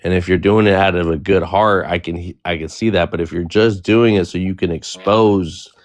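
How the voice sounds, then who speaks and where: A man from the United States, near the Bay Area, whose first language is Spanish, takes part in an online panel discussion. His deep voice is steady, at normal speed with no room sound, and he rambles casually, often restarting his sentences.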